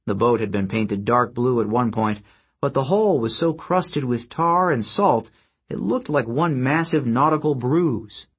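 Brief: husky male storyteller, mid-pitched, steady scripted narration. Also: a little slow. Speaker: audiobook narrator.

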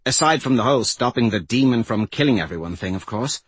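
A man voicing a blunt, quick-talking teenage girl mystic, in a raised, lighter voice. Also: mid-range voice, animated, breathy edge, dry recording. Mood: wry. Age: teen girl figure.

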